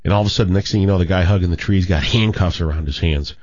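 Man, radio host, casual joke-telling banter, rambling, low voice, dull lo-fi sound. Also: rapid-fire, no echo. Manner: rambling, animated storyteller.

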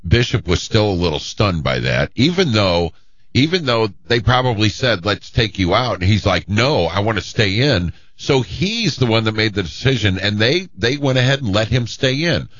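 A man co-hosting a sports radio show, speaking in a halting way and repeating himself. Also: on the low side, lively intonation, a bit bright, dry recording, dull audio. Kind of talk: casual sports radio chat.

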